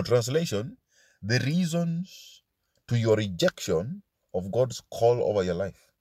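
Animated pastor preaching. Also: male voice, lowish voice, a little slow, breathy edge, no echo, clean studio sound. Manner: animated preaching with rhetorical questions and Swahili asides. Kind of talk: sermon.

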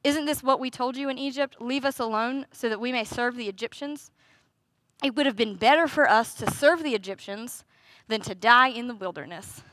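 A woman delivers a sermon in a high, bright voice. She talks conversationally, with rhetorical questions and lively asides. The sound is close and dry. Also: moderate pace, no echo. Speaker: preacher.

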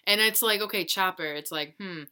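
Woman, bright voice, animated podcast co-host, laughs often, swears casually. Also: mid-range voice, a little fast, smooth. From Wisconsin. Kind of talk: casual movie recap chat.

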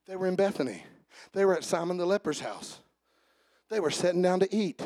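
A male pastor preaching a sermon, telling stories and repeating phrases for emphasis, moving from quiet asides to fervent shouting. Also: high-pitched, animated, fairly quick, background noise.

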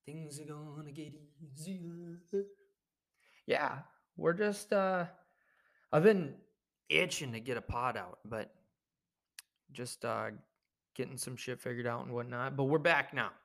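A young man hosting his own podcast, rambling through a jokey, profane monologue with sudden loud bursts. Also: mid-range voice, slow, gravelly, pauses often. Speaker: podcast host. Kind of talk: casual comedic monologue.

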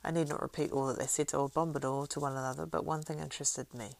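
A woman reading the part of a weathered male ranger, measured, wry and grave. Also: sits low, fairly even intonation, gravelly, darkish tone.

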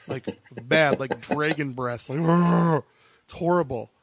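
A young man and father chatting casually on a podcast, joking and profane as he tells quick stories. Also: medium pitch, a bit bright, slight background noise.

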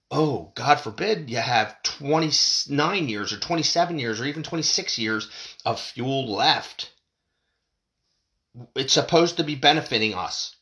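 An American man delivers a fired-up, profanity-laced political rant, his pitch swinging widely as he gets worked up. His voice has a bright, forceful edge. He talks like a podcast host sounding off alone. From United States. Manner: fired-up, ranting, heavy swearing.

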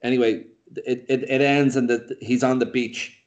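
A man co-hosting a casual film podcast, retelling a movie's plot in a rambling, animated way with lots of fillers and restarts. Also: mid-range voice, normal speed. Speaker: podcast co-host reviewing films. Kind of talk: casual chat.

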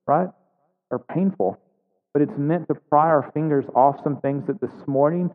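A man preaching a sermon as a pastor, telling a story casually and conversationally with humor. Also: on the high side. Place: church sanctuary. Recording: phone-like sound in a large reverberant hall.

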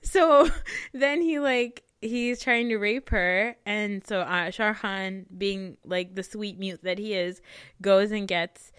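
A woman's voice: medium pitch, slow pace, a bit bright, smooth, no echo, clean studio sound. A woman co-hosting a casual chat, retelling a film plot with giggles and acted-out quotes. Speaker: podcast co-host.

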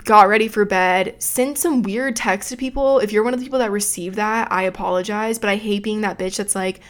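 A woman's voice: mid-range voice, steady tone, brisk. A young adult woman hosting a podcast, telling a story in a rambling, profane, self-mocking way from a room at home. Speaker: podcast host. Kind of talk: casual storytelling.

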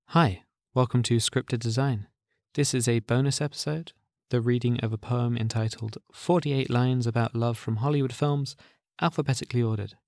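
A man with a gravelly voice and a dry, close sound calmly introduces his podcast episode. He explains the project in a steady, scripted way. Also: mid-range voice, normal speed, hardly any pauses, no room sound. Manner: calm, explanatory. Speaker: podcast host.

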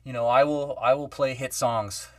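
Heard in clean studio quality with no echo, though from a distant mic, this medium-pitched man speaks at normal speed as a guest musician on a casual podcast. He tells stories with animation, voicing the people he quotes and leaning on lots of fillers.

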